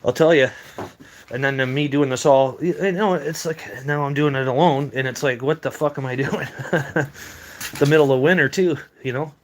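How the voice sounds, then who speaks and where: There's slight background noise as a young man with a medium-pitched voice and moderate pace shares strange experiences in a casual storytelling style. A paranormal video creator, he rambles, curses, and leans on fillers.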